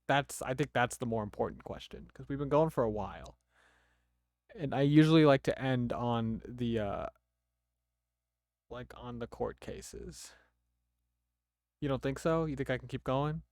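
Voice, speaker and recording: A man's voice: medium pitch, a little slow, pauses often, no room sound, studio quality. A man streaming a game, casually thinking aloud and asking his viewers questions. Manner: relaxed, thinking aloud, asks chat questions. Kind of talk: casual gameplay chat with viewers.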